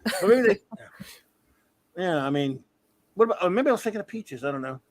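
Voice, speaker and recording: A man in his fifties hosting a casual comics talk stream, an animated storyteller who often breaks into laughter. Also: high voice, fast talker, no echo. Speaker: comics podcast host. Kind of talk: casual live-stream chat.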